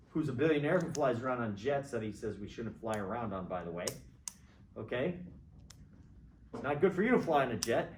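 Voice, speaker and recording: A man's voice: mid-range voice, a little mellow, slight background noise. Rambling middle-aged man lecturing in echoey classroom. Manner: rambling, opinionated, keeps checking in with "right?". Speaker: college government lecturer. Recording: echoey classroom, mic far from speaker.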